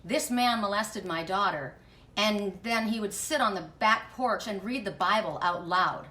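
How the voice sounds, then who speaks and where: A woman's voice: medium pitch, measured pace, sharp tone, echoey room, far from the mic. A middle-aged woman, a spiritual reader, telling a personal story in a candid, blunt way and swearing when angry. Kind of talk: emotional personal monologue.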